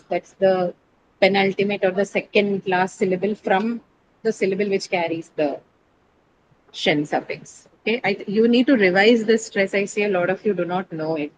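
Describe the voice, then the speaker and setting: A woman's voice: medium pitch, noisy background. A woman teacher lecturing an online English class, explaining step by step and correcting students patiently.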